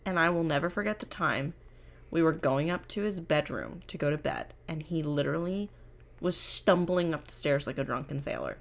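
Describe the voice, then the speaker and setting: A young woman chats on her podcast in a low, gravelly voice. She tells stories with animation, jumping into the voices of the people she quotes. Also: moderate pace. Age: young adult. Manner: animated storyteller, acts out quotes. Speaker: podcast co-host. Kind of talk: casual chat.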